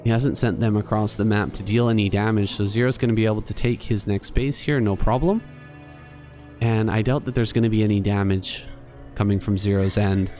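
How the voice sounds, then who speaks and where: A man giving steady, measured play-by-play commentary on a strategy game match at a live event. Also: on the low side, soft background music. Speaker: esports commentator. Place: venue at a LAN event.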